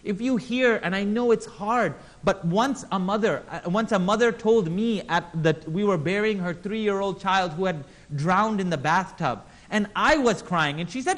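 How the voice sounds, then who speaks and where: A man with a somewhat high voice teaches a religious class in an animated way. He slips into little voices for the people in his stories and keeps firing questions at his listeners. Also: moderate pace, hardly any pauses. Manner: animated, acts out quotes in voices; engages audience with questions. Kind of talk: Islamic class lecture.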